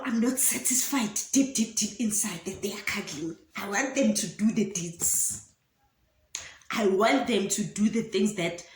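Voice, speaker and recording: This young South African woman speaks in a mid-range voice, with slight background noise and an echoey room around her. As a YouTuber telling a dramatic story in a casual storytime vlog, she's animated and theatrical, with a South African accent and Zulu phrases mixed in.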